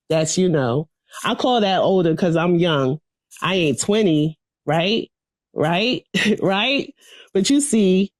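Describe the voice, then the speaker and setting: A woman's voice: on the low side, a little mellow, no echo. Woman giving a fiery politics lesson on a video call, rhythmic, keeps asking "right?", dry sound. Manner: preachy, rhythmic, call-and-response. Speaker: political education speaker. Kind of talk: reciting a political speech to a class.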